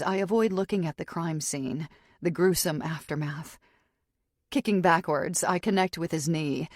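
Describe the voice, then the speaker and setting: Female audiobook narrator, first-person thriller, tense delivery, lowish voice, dry booth sound. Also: darkish tone, dry recording. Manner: tense, suspenseful storytelling.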